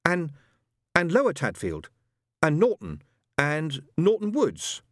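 A man's voice: on the high side, huge pitch swings, slow pace, no echo, studio quality, pitched above the performer's own voice, exaggerated voice. Adam, a man voicing an earnest young boy. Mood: wistful. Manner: earnest, rising to pleading shouts. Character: young boy, stubborn then frightened.

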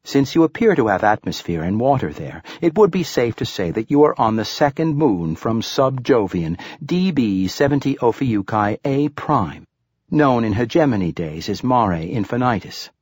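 A man's voice: mid-range voice, sing-song, moderate pace, darkish tone, breathy edge, dry recording, clean studio sound. A man voicing a polite, chirpy talking bracelet computer that speaks in a precise, formal, helpful way. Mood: eager.

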